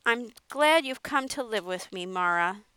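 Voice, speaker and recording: A woman's voice: unhurried, clear, resonant tone, no room sound. A woman reading a story aloud, putting on a fussy, gushing older aunt who has been baking. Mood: doting. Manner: fussy, gushing, high and excited. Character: flustered, doting older aunt who bakes.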